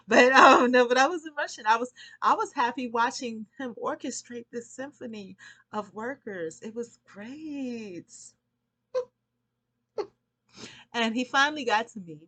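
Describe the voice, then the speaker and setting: A woman's voice: on the high side, lively intonation, unhurried, pushed and bright. A woman vlogging, telling a long casual story in a rambling, chatty way and laughing often.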